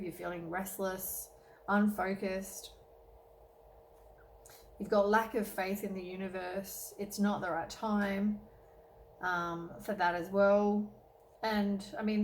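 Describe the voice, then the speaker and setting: A woman's voice: medium pitch, slight background noise, poor audio. A woman giving a casual tarot reading, tired and yawning, rambling with many ums and self-corrections. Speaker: tarot reader.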